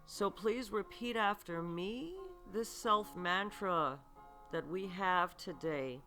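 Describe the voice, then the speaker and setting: A woman hosting a spiritual self-help podcast, speaking slowly and earnestly, asking the listener rhetorical questions and checking in with "okay". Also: lowish voice, bright, forceful tone, soft background music. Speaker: podcast host and psychic reader.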